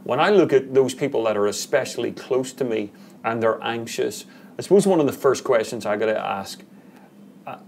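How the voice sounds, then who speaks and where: Guy pastor musing out loud, medium pitch, a little hiss in the background. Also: expressive, normal speed, creaky. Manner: reflective, thinks aloud. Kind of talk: casual chat.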